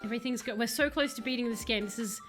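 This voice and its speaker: A woman with a high, bright voice chats her way through a live horror game stream from her home computer. She talks straight to her viewers, jumpy and chatty, with music playing faintly behind her. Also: fast.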